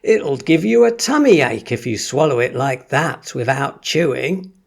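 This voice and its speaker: A man voicing a fat, jolly male shopkeeper who gets loud and excitable. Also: measured pace, vocal fry, exaggerated voice. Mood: friendly. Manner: loud excited shouting, pitched high.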